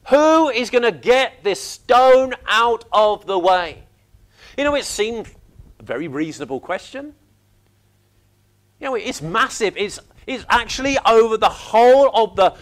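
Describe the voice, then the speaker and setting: A man with a very high-pitched voice delivers a sermon with animated storytelling. He drops low for quiet moments and acts out characters' reactions. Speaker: preacher.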